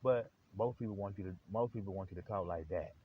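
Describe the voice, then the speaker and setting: A man's voice: deep voice, fast talker, breathy edge. A man hosting a live stream, rambling in slang with lots of fillers. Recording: dull lo-fi with faint hiss.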